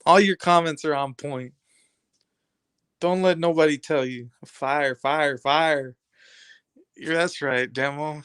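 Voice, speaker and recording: A man rambles through casual talk with his live stream audience, full of street slang. His voice sits a little high and sounds smooth and clean. The sound is dry, with no room around it. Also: steady tone, slow pace, long pauses, a bit bright, dry recording. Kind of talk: casual chat with stream viewers.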